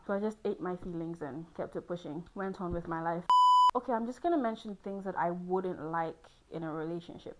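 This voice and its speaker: A young woman chatting casually to camera as a host, lively and laughing often, jumping into high squealing exclaims. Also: rough recording. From Ghana.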